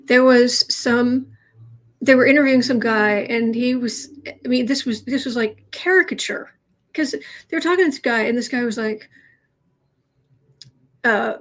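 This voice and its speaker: A woman's voice: a little high, measured pace, pauses often. Chatty woman hosting a tarot livestream. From United States. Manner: chatty, digressive storytelling. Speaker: tarot reader, livestream host. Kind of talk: casual livestream chat.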